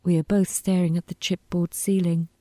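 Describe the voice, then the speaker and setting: A woman reading a first-person story aloud in a quiet, wry, deadpan manner. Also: fairly low pitch, moderate pace, no room sound. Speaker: narrator.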